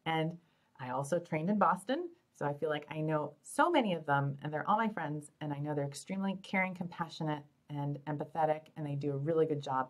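Woman, middle-aged, fertility doctor, live Q&A host, low voice, chatty, joking, upbeat. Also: fairly quick. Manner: upbeat, chatty, joking, addresses listeners as "you guys". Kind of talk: live Q&A answering viewer questions.

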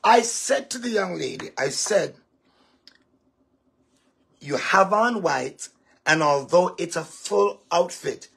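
A male pastor giving an emphatic, lecturing talk to a congregation, sometimes breaking into shouts. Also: high-pitched, expressive, takes it slowly, gravelly, pauses often, husky.

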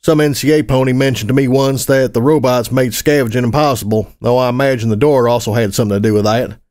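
A man reading a first-person story aloud as a narrator, gritty and expressive, with casual swearing. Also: medium pitch, quick pace. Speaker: audiobook narrator.

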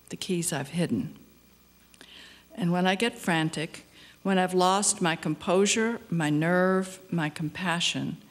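An older woman reads her poems aloud in a slow, measured way, with a lowish voice. She sinks to near whispers on quiet lines and lingers over the words. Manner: slow, measured reading with soft, hushed passages. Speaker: poet. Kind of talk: poetry reading.

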